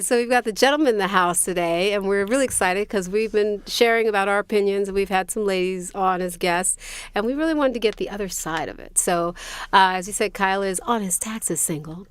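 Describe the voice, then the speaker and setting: A woman co-hosts a chatty podcast at a middle pitch, bubbly and eager. Her voice sounds dry and close to the mic. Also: smooth, no echo. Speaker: podcast co-host. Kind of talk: casual chat.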